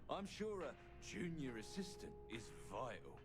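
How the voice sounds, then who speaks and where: A man's voice: medium pitch, very animated, a little slow. An actor voicing a sarcastic, self-doubting young man in a video game, speaking dryly. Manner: dry, sarcastic. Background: music.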